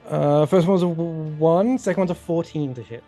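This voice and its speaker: A man playing a tabletop game, talking in a relaxed, hesitant way with ums. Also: on the high side, a little fast, soft background music. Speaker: player. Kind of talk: casual tabletop game play.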